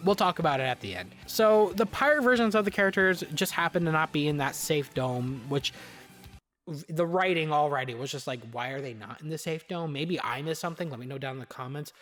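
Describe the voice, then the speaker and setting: Over faint background music, a man reviewing videos rants fairly quickly in a fairly high voice. He's animated and exasperated, cursing freely and frequently restarting and repeating himself in his casual commentary.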